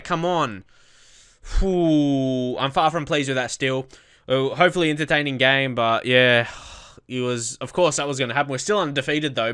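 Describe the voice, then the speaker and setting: A young man commentating his own football management game, casual and prone to loud outbursts. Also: mid-range voice, clear, resonant tone, no echo, clean studio sound. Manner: excitable, shouts at big moments. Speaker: gaming YouTuber. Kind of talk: let's play commentary.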